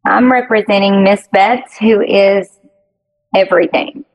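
A woman's voice: mid-range voice, unhurried, in a large hall, dull audio. A woman from North Alabama with a Southern accent, a playful and teasing guest on a video call. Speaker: Zoom guest.

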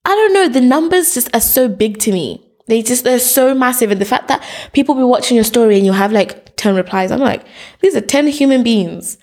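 Young woman guest, animated, fairly high voice, acts out quotes. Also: a little fast, few pauses. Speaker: podcast guest. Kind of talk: casual interview chat.

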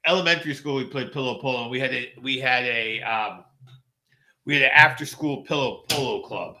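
A man in his forties chatting casually, often pausing and restarting with ums. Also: medium pitch, pushed and bright. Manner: halting, trails off with ums. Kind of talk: casual chat.

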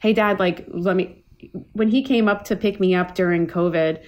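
A woman's voice: lowish voice, fairly even intonation, moderate pace. Chatty woman telling family stories. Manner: chatty storyteller, many likes and restarts, acts out family quotes. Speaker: podcast guest, chef. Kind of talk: casual podcast chat.

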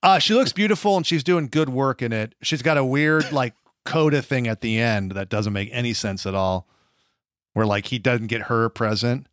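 A man's voice: mid-range voice, normal speed, fairly bright tone, no room sound, studio quality. A man hosting a podcast in casual chat, rambling and joking between questions. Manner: chatty, rambling, jokey. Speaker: podcast host.

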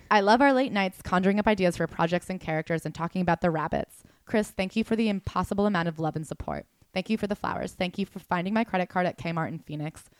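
A woman co-hosting a chatty podcast, talking at a quick clip with a jokey, animated manner. Her voice sits mid-range, and the recording is close and dry with no room sound. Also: on the low side, clean tone, no room sound. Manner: fast, animated, jokey, reads quotes aloud. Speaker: podcast co-host. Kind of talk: casual chat.

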